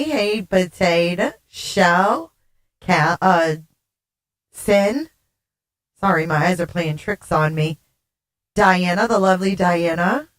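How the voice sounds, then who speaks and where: A woman livestream host talks slowly and casually to her viewers, laughing often and cursing when flustered. Her voice comes through a desktop mic and a glitchy voice changer that warps it into something alien. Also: mid-range voice. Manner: giggly, flustered, swears casually. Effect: glitchy voice changer making her sound alien. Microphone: desktop streaming mic.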